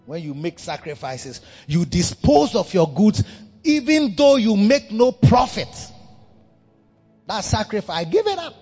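Brief: male preacher, high-pitched and very animated, dramatic sermon delivery in a reverberant church. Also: slow, pauses often, husky. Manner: animated, dramatic, mimics and repeats words for effect. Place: large church hall. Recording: dull reverberant hall with music.

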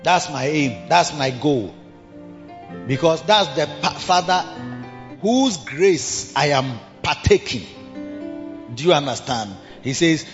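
High-voiced pastor preaching in a reverberant church. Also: male voice, big pitch swings, a little slow, fairly bright tone. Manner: emphatic, rhetorical questions to congregation. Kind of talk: sermon. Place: church service. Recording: dull long church reverb with music.

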